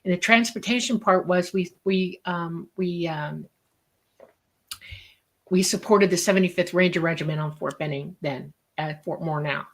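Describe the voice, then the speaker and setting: A woman's voice: on the low side, normal speed. Woman, casual interview storyteller, acts out the quotes, remote call audio. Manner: lively storyteller who acts out quoted dialogue.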